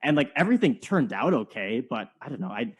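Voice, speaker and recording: A man's voice: mid-range voice, sing-song, a little fast, slightly rough. A man in his twenties, co-hosting a casual sports podcast, telling jokey stories with lots of filler words. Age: 20s. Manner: joking storyteller, rambling with many fillers. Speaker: podcast co-host. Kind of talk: casual chat.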